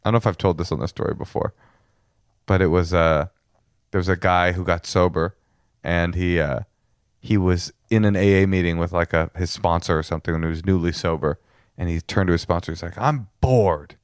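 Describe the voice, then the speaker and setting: A man with a very low voice co-hosts a casual podcast, telling jokey stories with animation. The sound is dry and close, with no room in it. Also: level tone, a little fast, clear, resonant tone, no echo. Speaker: podcast co-host. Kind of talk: casual chat.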